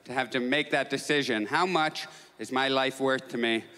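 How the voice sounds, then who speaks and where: A man performing a stand-up comedy set, telling neurotic, self-mocking stories and jumping into high excited outbursts. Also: moderate pace, background noise. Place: stage in a comedy club with audience. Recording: live club recording with long reverb, faint crowd.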